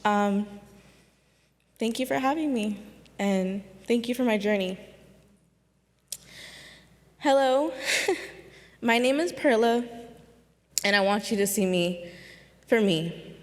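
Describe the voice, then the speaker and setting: A woman of twenty-one from California, telling a personal story on stage, emotional and close to tears, pausing often with ums. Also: mid-range voice, in a large hall. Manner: slow, halting, with many pauses and ums.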